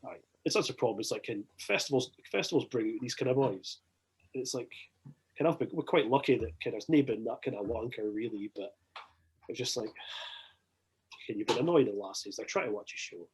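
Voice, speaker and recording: A man with a Scottish accent, swearing freely as he tells animated anecdotes in a casual podcast chat. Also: medium pitch, brisk, slight background noise, rough recording.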